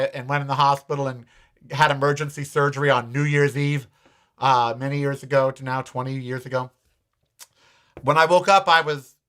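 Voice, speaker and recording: A man's voice: a little high, pushed and bright. An American man hosting a show, telling a personal story and ranting bluntly with profanity. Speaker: host. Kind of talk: opinionated monologue.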